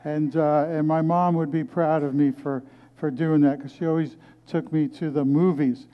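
A man's voice: on the high side, steady tone, normal speed, lo-fi sound. An older man, a pastor, preaching a sermon and telling his own story in an earnest, storytelling way. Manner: storytelling, earnest, with frequent restarts. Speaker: guest pastor. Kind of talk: sermon testimony. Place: movie theater used as church.

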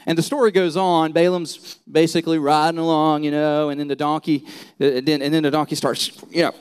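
Preacher with a higher voice and an animated storytelling style, repeats words as he restarts. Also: a little fast, clear, resonant tone. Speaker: pastor. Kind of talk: sermon.

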